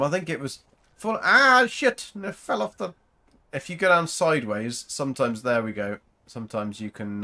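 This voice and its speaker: Brief: gaming host, rambling casual commentary, animated pitch, mid-range voice. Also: male voice. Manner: rambling, chatty, talks to viewers.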